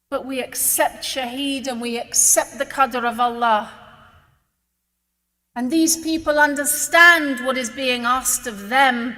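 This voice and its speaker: A British woman from England giving an earnest, emotional testimony to an audience, moving between hushed words and emphatic declarations. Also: high-pitched, steady tone, measured pace, long reverb tail. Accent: British English.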